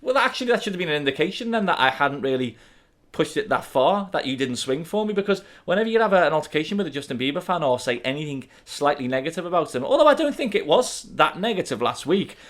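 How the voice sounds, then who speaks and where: Podcast co-host, male, 30s, Liverpool accent, lively laughing storyteller, slightly high voice. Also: fast. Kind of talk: casual storytelling chat.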